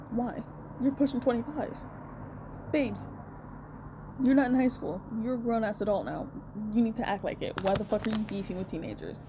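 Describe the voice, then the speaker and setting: A woman's voice: fairly high pitch, background noise. A young woman telling a personal story in a casual rant, blunt and heated, swearing a lot. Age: young adult.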